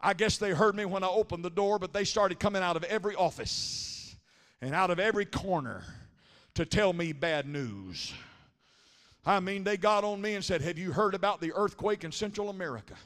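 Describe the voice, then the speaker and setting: A man preaching a Pentecostal sermon in a church, telling stories in a quick, rhythmic cadence and building up to shouted, chanted lines. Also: high-pitched, lively intonation. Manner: punctuates lines with a breathy "huh". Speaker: pastor. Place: large church sanctuary. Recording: live sermon with long hall reverb.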